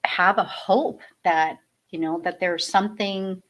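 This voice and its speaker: A woman's voice: fairly low pitch, steady tone, a little slow, a bit bright, low-quality recording. A woman hosting a casual interview, chatty and reflective, filling her talk with "like" and "you know". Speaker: talk show host.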